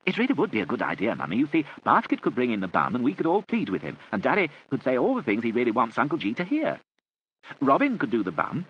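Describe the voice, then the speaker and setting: A man voicing an excitable young girl who rushes eagerly through her ideas. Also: mid-range voice, lo-fi sound, a little hiss or hum, voice pushed up. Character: quick-talking excitable girl Frid.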